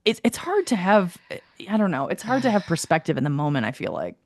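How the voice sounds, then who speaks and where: In a casual podcast chat, a female co-host with a lowish voice talks a little fast. She's an animated storyteller who laughs a lot and acts out quotes.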